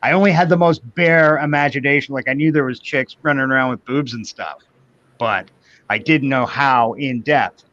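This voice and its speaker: A man's voice: medium pitch, normal speed, fairly bright tone. A Canadian man in his fifties, telling a long personal story in casual chat as a guest. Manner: rambling anecdotal storyteller, quotes others in voices. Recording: dull lo-fi sound.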